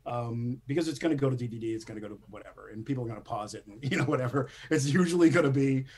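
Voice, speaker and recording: A man who is a screenwriter, speaking as a guest in a casual interview and telling lively stories with acted-out quotes and frequent laughter. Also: mid-range voice, racing, a little hiss or hum. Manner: animated storyteller, acts out quotes, laughs often.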